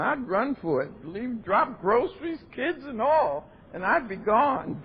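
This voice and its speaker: A woman's voice: animated, measured pace. An older woman speaking at a recovery convention, telling her story with animation and acting out the voices of others, on a dull old tape. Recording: dull lo-fi tape with faint rumble.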